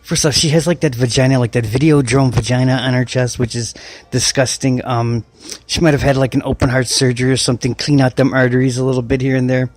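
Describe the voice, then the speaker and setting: A man's voice: medium pitch, steady tone, quick pace. Rambling, mocking man ranting casually. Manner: rambling and mocking, with many restarts and swearing. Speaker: online commentator. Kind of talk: casual rant.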